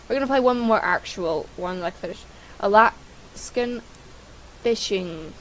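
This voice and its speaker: A woman giving excitable gameplay commentary as a gaming channel host, yelping and shouting at the game. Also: medium pitch, measured pace, long pauses, a little hiss or hum, poor audio.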